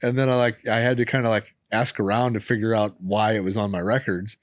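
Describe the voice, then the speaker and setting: A veteran man co-hosting a podcast, telling stories in a lively, profane casual chat. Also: on the low side, brisk, dry recording, studio quality.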